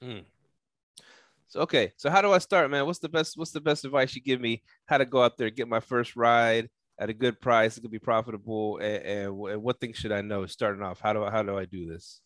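Male podcast host with a mid-range voice, dry close sound, relaxed storytelling with many restarts. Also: medium pitch, a little fast, no room sound. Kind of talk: casual podcast conversation.

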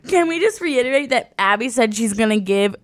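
A woman's voice: fairly high pitch, animated, brisk. A young woman co-hosting a crude comedy podcast, teasing her co-host, laughing often and reading horoscopes aloud. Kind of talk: crude comedic casual chat.

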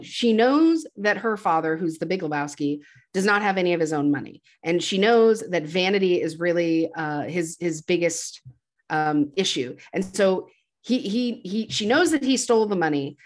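A woman retelling a film plot in casual chat, quoting characters and laughing now and then. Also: medium pitch. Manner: chatty retelling with quoted lines and laughs. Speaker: podcast co-host.

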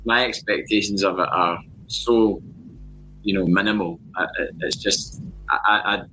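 Bright-voiced Scottish man telling stories. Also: on the low side, a little slow, slight background noise, low-quality recording. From Scotland. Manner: storytelling, animated anecdotes. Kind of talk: casual football chat.

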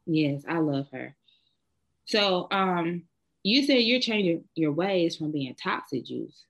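A woman's voice: on the low side, expressive, slow pace. A woman with a Southern US accent, co-hosting a casual chat and telling bold, blunt stories. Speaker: podcast co-host.

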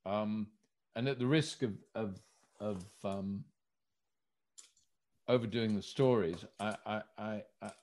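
A man's voice: fairly low pitch, slow, long pauses. A man recounting casting stories in an interview, acting out the dialogue as he goes. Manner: animated storyteller, acts out dialogue. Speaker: guest, director recalling casting. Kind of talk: anecdotal storytelling in an interview.

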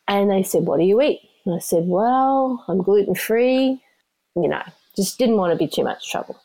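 Animated woman in her fifties telling stories. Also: lowish voice. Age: 50s. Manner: animated, laughs often, swears casually. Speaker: interview guest, former elite runner. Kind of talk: casual storytelling.

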